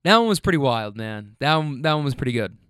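A man hosting a talk show, telling a rideshare story with lively quoted voices and frequent laughter. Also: medium pitch, fast, smooth, dry recording, clean studio sound. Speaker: podcast host telling rideshare stories. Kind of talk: animated storytelling.

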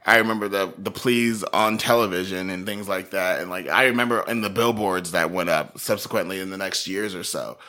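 A man co-hosting a casual talk show, rambling and animated with many fillers. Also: low voice, brisk, few pauses. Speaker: podcast co-host. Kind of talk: casual chat.

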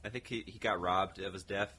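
A man's voice: low-pitched, a little fast, a little hiss or hum. A man chatting casually as a podcast co-host, hesitant with many restarts, acting out lines he quotes. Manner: hesitant, many fillers and restarts, lively quoting. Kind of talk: casual chat.

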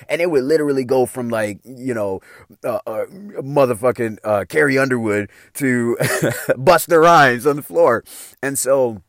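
A middle-aged man spinning a casual, profanity-laced anecdote, full of slang and his own laughter. His pitch rises and falls freely as he tells it. The sound is close and dry, with no room around it. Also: animated, normal speed, no echo. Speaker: storyteller.

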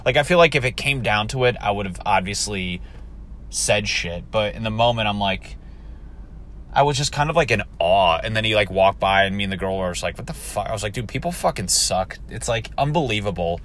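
A man's voice: on the low side, brisk, slight background noise. Profane young man ranting in a car. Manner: profane, animated storytelling rant. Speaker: vlogger. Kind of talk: casual rant. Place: in a car while driving.

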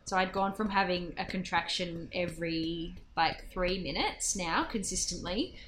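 A woman telling a casual, animated personal story full of fillers and laughs. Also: on the low side, a little slow, a little hiss or hum.

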